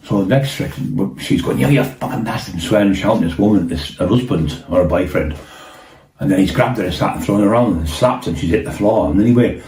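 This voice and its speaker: A man's voice: low-pitched, fast talker, mellow. A man telling a rambling anecdote in a casual way, swearing a lot and acting out what people said. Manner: rambling, heavy swearing, acts out quotes. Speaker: storyteller host. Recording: roomy echo.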